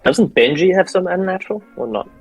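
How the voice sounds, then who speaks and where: A man's voice: high voice, lively intonation, fairly quick, faint music behind, low-quality recording. A man playing a tabletop game, eagerly asking for rolls and checks. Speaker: player.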